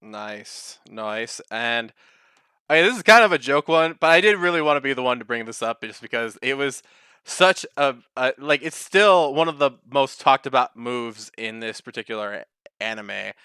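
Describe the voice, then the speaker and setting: A young man co-hosting a casual podcast chat, animated and swearing, breaking into excited mock voices. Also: medium pitch, moderate pace, smooth, no room sound, studio quality. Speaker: podcast co-host.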